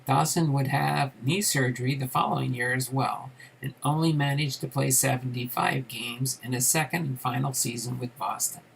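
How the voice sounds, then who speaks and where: A man hosting a live card-collecting stream, joking with his chat and reading out baseball history in a steady tone. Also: medium pitch, normal speed, vocal fry, few pauses, a little hiss or hum, poor audio. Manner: jokey banter with chat, reads history in a steady tone.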